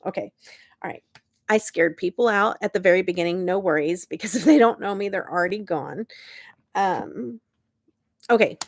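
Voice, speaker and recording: A middle-aged woman, chatting bubbly and warmly on a beauty livestream from her bed, laughing often and greeting viewers by name. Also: medium pitch, moderate pace, gravelly, pauses often, no echo, studio quality. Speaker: beauty YouTuber. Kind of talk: casual live-stream chat. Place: bedroom, in bed.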